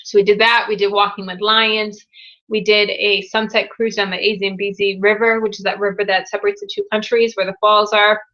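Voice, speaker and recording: A young woman hosting a casual live Q&A, chatting warmly and gushing with excitement over viewers' news. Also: mid-range voice, a little fast, muffled recording. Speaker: live Q&A host. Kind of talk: casual live-stream chat.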